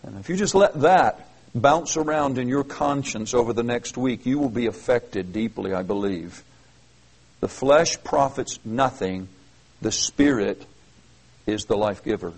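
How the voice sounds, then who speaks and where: Heard on a low-quality recording, a man with a husky mid-range voice teaches expository Bible lessons at a measured pace. Reading verses aloud, he explains them with earnest emphasis, repeating phrases and often starting over.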